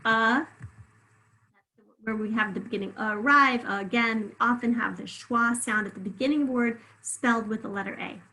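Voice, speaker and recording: A woman's voice: on the high side, moderate pace, pushed and bright, rough recording. A woman teaching a spelling lesson, patiently sounding words out syllable by syllable and encouraging the listener.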